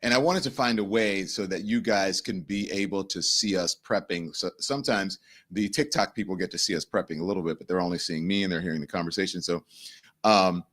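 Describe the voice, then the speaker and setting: A man's voice: deep voice, a little fast, a bit bright. A man hosting his own live-stream show, chatting casually, laughing easily and reading out viewer comments from what sounds like an apartment home studio.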